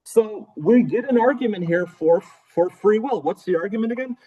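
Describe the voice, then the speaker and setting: A man gives a relaxed philosophy lecture, tossing rhetorical questions at the class and circling back over the same phrases. His voice is husky and warm, pitched a bit higher than most men's. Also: moderate pace, lo-fi sound. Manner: conversational, rhetorical questions, repeats key phrases. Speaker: philosophy professor.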